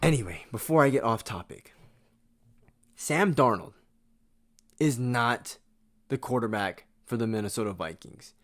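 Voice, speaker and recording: A man's voice: mid-range voice, expressive, unhurried, long pauses. A man hosting a sports podcast, delivering a blunt, exasperated and sarcastic rant. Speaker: podcast host.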